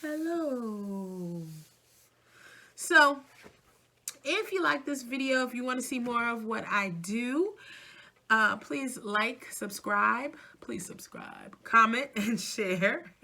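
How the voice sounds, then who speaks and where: Bright, chatty New York-born woman. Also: mid-range voice. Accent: mixed New York, Midwest, Southern and Louisiana. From New York City. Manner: chatty and animated, laughing easily. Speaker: vlogger and minister. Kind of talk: casual planner flip-through chat.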